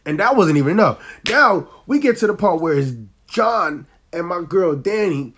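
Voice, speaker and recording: There's slight background noise as a high-pitched man, speaking at normal speed, reviews a TV episode in slangy, casual talk. He turns loud and excitable when hyped, and an occasional cough suggests he's a bit sick.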